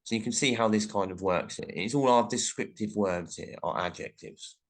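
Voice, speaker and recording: A man's voice: lowish voice, moderate pace. Man teaching an English lesson. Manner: explanatory, reads example sentences aloud. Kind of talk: recorded classroom lesson.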